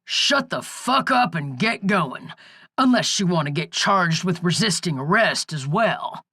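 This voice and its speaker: A woman's voice: fairly low pitch, expressive, measured pace, a bit bright, slightly rough, dry recording, studio quality, heavily acted. A woman voicing an angry, bullying male sheriff in an audiobook, barking orders and swearing. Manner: blustering, profane, barking orders. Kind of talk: audiobook character voice.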